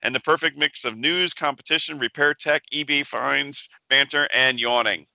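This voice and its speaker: A man's voice: mid-range voice, moderate pace, gravelly, pushed and bright, no room sound, poor audio. A man co-hosting a casual pinball podcast, joking around and reading listener emails aloud. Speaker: podcast co-host. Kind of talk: casual chat.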